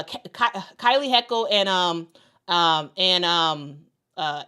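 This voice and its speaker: A woman with a fairly low, smooth voice and a touch of brightness commentates casually on basketball. She reads viewer comments aloud and keeps repeating her points to stress them.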